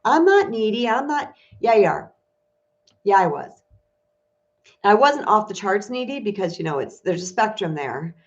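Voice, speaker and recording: A woman's voice: medium pitch, lively intonation, normal speed, pauses often. A woman life coach speaking to her viewers in a candid, emotional, confessional way, like a casual livestream. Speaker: spiritual empowerment coach. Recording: dull lo-fi stream audio.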